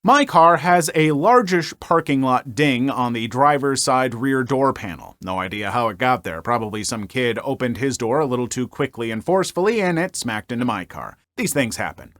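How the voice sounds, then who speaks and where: A man narrating online stories in a wry, conversational way with an animated delivery. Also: mid-range voice, normal speed, hardly any pauses, dry recording, clean studio sound. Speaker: story narrator.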